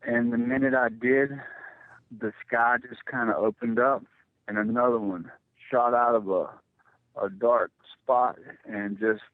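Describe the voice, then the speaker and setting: A middle-aged man telling a personal story as a radio guest, halting and repeating words when it gets tense. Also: fairly low pitch, no room sound. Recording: tinny phone line, dry.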